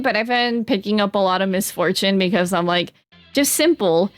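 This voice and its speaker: A woman's voice: mid-range voice, normal speed, no echo, soft background music. A young woman with a Southern American accent, chatting casually with her live-stream chat in a bubbly, dramatic way. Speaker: VTuber streamer reading chat.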